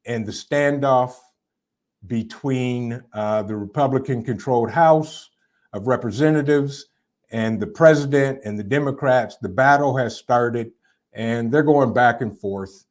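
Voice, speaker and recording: Hosting a relaxed live stream, a man with a medium-pitched voice speaks unhurriedly as he answers viewers' comments. He rambles conversationally, leaning often on fillers and repeating himself.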